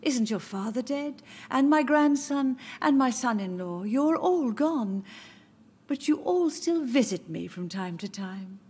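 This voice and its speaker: A woman's voice: sits high, lively intonation, a little slow, a little mellow. An actress voicing an elderly, confused and grieving mother who talks in a tender, dreamy, wandering way. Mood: gentle insistence. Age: older.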